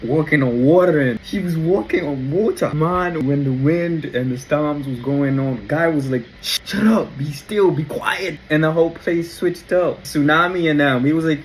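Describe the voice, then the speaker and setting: A man giving a casual, excited faith reflection, telling the story in slangy everyday talk and exclaiming in wonder. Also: a little high, normal speed, hardly any pauses, a little hiss or hum, poor audio. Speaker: Christian vlogger.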